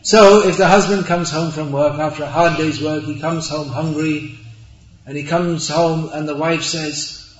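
Spiritual teacher, man, slow deliberate delivery, roomy muffled hall recording. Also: a little high, steady tone. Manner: slow, deliberate, gently humorous. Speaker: spiritual teacher answering questions. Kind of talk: religious talk with audience Q&A.

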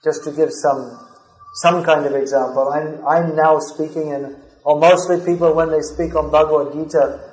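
A man with a somewhat high voice gives a scripture class lecture. He speaks earnestly and leans into emphatic stress. The sound rings around an echoey room. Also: fairly even intonation, moderate pace, a little mellow. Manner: recites verses in a chanting cadence. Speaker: spiritual lecturer.

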